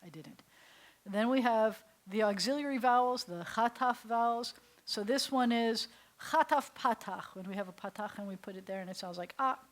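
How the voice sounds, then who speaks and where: A woman rabbi teaching a beginners' class, who explains things playfully and leads the group in repeat-after-me drills. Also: on the high side. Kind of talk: classroom lesson. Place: synagogue classroom.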